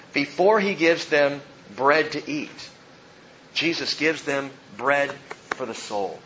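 A man preaching a sermon as pastor, animated and joking, acting out the people in the story. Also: a little high, lo-fi sound, slight background noise.

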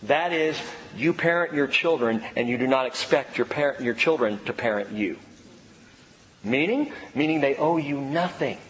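A middle-aged male pastor preaching a sermon with animated delivery, acting out the voices of children and parents. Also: mid-range voice, normal speed, slight background noise. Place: church sanctuary. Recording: long reverb in a large hall, faint background ambience.

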